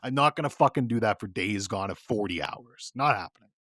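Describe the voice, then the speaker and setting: A man's voice: lowish voice, expressive, a little fast, a bit bright, no echo, studio quality. A man co-hosting a casual podcast, rambling and swearing often, with frequent laughs. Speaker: podcast co-host. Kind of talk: casual chat.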